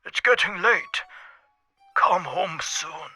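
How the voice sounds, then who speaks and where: A man voicing a drunk middle-aged father with a husky voice, pleading, sobbing and screaming in voice messages, recorded from off mic. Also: high-pitched, animated, takes it slowly, sharp tone, soft background music, voice pushed up, exaggerated voice. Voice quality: husky, wailing.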